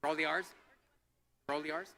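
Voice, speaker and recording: A man at a school commencement who quietly checks how each graduate says their name, then reads it out clearly over a podium microphone, friendly with the students. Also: a little high, normal speed, a little hiss or hum. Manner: friendly and relaxed with students, calling them ma'am, sir, dude. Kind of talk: reading graduates' names at a ceremony.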